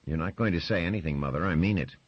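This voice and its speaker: A man's voice: low-pitched, fast talker, no room sound. A man voicing a blunt, terse young adult son, in a dry, slightly muffled recording.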